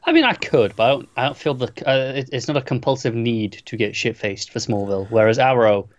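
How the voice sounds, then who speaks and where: A man's voice: medium pitch, animated, a little fast, highs cut off. A man co-hosting a podcast, joking bluntly in casual TV chat and stumbling over his first words. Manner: blunt, joking, stammers on starts. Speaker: podcast co-host.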